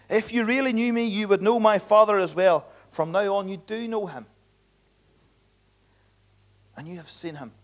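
Earnest high-voiced preacher. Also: male voice, fairly quick, few pauses. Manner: earnest, emphatic preaching with repeated appeals. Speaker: pastor. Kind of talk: sermon. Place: church.

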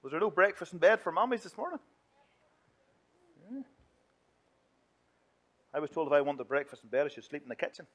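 A chatty man leading a children's talk at church, his voice sitting fairly high for a man. He jokes with the children and slips into whiny kid voices. The delivery stays playful and lively. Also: brisk, long pauses.

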